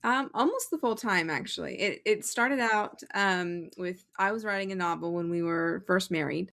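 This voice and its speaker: Low-voiced woman, easygoing guest author. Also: normal speed, creaky, fairly bright tone. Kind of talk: casual interview chat.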